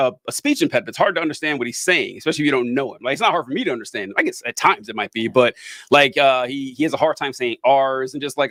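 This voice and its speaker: A man's voice: medium pitch, fairly bright tone, no room sound. Rambling man, dry close sound. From American South. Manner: rambling, self-interrupting, laughs often. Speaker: podcast host. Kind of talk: casual chat.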